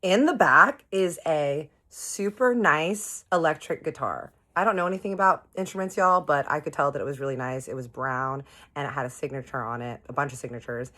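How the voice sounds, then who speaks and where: Very low-voiced chatty woman storyteller. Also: moderate pace. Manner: chatty, animated retelling with quoted voices. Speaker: storytime vlogger. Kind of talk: casual storytelling.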